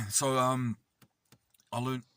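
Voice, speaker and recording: A New Zealand vlogger tells a casual, rambling story from inside a car, swearing often and using lots of fillers. His medium-pitched voice sounds pushed and bright. The audio is studio quality with no room sound, though he's recorded from a distance.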